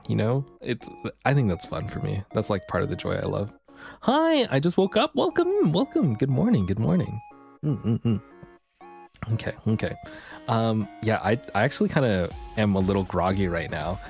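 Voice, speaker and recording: A man's voice: lowish voice, big pitch swings, normal speed, faint music behind. A man hosting a casual live stream, greeting chatters one by one and cracking self-deprecating jokes. He sounds a little out of breath. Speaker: livestream host.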